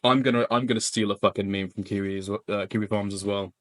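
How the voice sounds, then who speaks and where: A man's voice: on the low side, fairly even intonation, fast, fairly bright tone, no room sound. Sarcastic swearing man reacting live. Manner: sarcastic, swears a lot, mocking asides. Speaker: streamer reacting to a debate. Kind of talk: casual reaction commentary.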